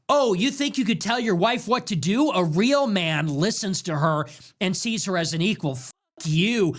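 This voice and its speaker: A man's voice: high-pitched, expressive, normal speed. A man hosting a live stream, ranting in a sarcastic, mocking way. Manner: sarcastic and mocking, jumps into mock voices. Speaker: political livestream host.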